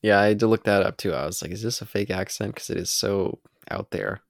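A man's voice: lowish voice, brisk, gravelly, no echo, studio quality. A man co-hosting a podcast, chatting casually about a movie and thinking aloud with hesitant fillers. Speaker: podcast co-host. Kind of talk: casual film commentary chat.

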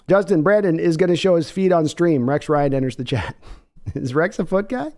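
A man's voice: on the high side, expressive, fairly quick, darkish tone. A man hosting a casual livestream, rambling, chatty and self-deprecating as he answers chat. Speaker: livestream host.

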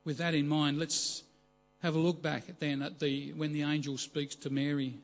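A man preaching a measured, earnest sermon, slowing down for emphasis. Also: on the high side, level tone, creaky, soft background music.

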